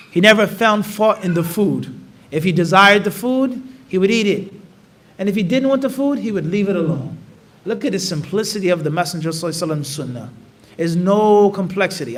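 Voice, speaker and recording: A man gives a religious lesson in a lively, animated way, slipping into voices for everyday scenes. His voice sits high and his words tumble out fast. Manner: animated, acts out dialogues, recites Arabic rapidly. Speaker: Islamic teacher. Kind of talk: religious lesson with acted examples.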